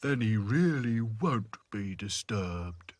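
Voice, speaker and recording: A man voicing Sad Sack, a gloomy, worried male rag doll in a children's cartoon, talking slowly and mournfully. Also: lowish voice, lively intonation, no room sound. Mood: glum. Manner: slow, mournful.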